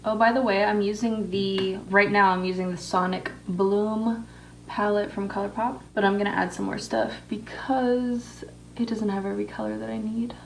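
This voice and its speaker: A woman's voice: medium pitch, steady tone, normal speed, vocal fry, far from the mic, a little hiss or hum. A young woman vlogger telling a story casually, with lots of swearing and fillers while she does her makeup. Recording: echoey room, voice away from mic.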